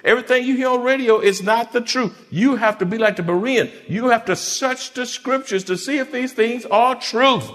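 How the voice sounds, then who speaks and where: A man preaching a sermon as pastor, animated, repeating phrases and briefly acting out the voices of complaining churchgoers. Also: very high-pitched.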